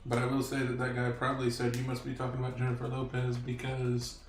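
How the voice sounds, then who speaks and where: A man's voice: medium pitch, completely flat delivery, fast. A man chiming in on a casual chat with a matter-of-fact, skeptical manner. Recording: distant, echoey room with music. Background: faint music.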